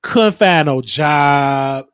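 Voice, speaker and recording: A man's voice: a little high, drawn-out words, a bit bright, smooth, no echo. A man in his thirties from Chicago, hosting a show and telling a personal story in an emotional, rambling way with many restarts. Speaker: show host.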